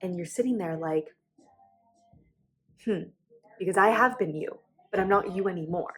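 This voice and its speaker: A woman's voice: on the low side, normal speed. A young woman speaking candidly to her channel in a personal confessional vlog, emotional and close to tears, with frequent restarts and fillers. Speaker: vlogger.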